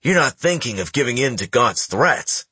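Male reader doing a gruff, tense loyal soldier, higher than the narration. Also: expressive, normal speed, fairly bright tone, no echo. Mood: tense, frustrated.

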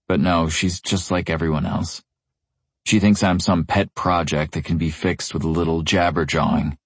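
A man with a very low voice narrates a first-person audiobook with a brooding, gruff edge. The sound is dry and close, with no room around it. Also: dry recording.

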